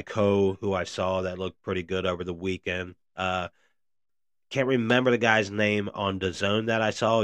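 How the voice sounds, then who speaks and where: A man with a very deep voice hosts a casual solo podcast. He rambles along loosely, full of "uh" and "man," talking straight to his listeners. The sound is close and dry, with no room around it. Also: fairly bright tone, no echo. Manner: rambling, filler-heavy, says "man" and "guys" a lot. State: briefly out of breath. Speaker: podcast host.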